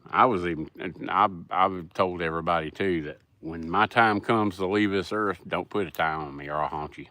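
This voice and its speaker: A man's voice: low-pitched, normal speed, pushed and bright, no echo. A middle-aged man with a Southern US accent, hosting a casual livestream and rambling in a folksy way as he answers chat. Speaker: livestream host.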